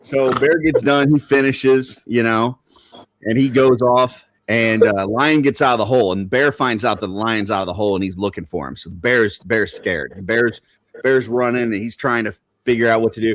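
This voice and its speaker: A man hosting a podcast in casual chat, telling rambling jokes and laughing loudly. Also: medium pitch, moderate pace, no room sound. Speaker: podcast host.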